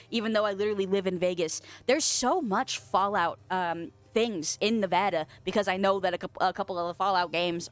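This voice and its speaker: A young woman streamer chatting casually with her viewers, playful and giggly, swearing freely and yelping in a squeaky voice. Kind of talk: casual chat reading viewer messages. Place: home office.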